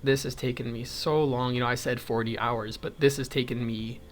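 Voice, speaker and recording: This young vlogger keeps a steady tone at a moderate pace, his voice mid-range, with a little hiss or hum on the recording. He chats casually as he crochets, counting stitches out loud, drifting into tangents and laughing softly again and again.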